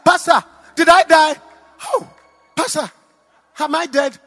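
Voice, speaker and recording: A man's voice: measured pace, exaggerated voice. A man voicing a panicked woman church member who shrieks frantic questions, in a long-reverb hall. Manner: high shouted cries, frantic repeated questions.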